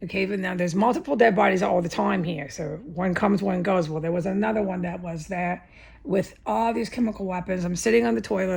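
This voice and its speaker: A woman delivers a rambling first-person vlog monologue, swearing freely and breaking off to restart her sentences. Her voice is heavily gravelly with a husky, breathy edge, and sits at a middling pitch. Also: brisk. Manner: rambling, profane, restarts often.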